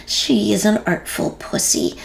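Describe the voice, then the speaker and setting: A woman reading as a gentle, fond mother. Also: mid-range voice, huge pitch swings, a little slow, vocal fry, full character voice. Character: kind, gentle young mother cooing over a baby.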